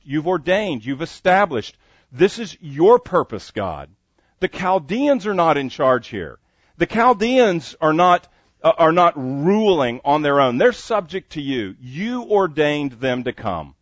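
A man's voice: on the high side, very animated, a little slow, dry recording, dull audio. Earnest man preaching a sermon. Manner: earnest preaching, rising emphasis on scripture quotes. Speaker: pastor.

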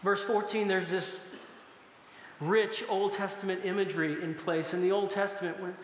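Middle-aged guy preaching a sermon, kinda high voice, big echoey hall. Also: fairly even intonation, normal speed, slight background noise. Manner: storytelling with bursts of laughter. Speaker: pastor. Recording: echoey hall with long reverb.

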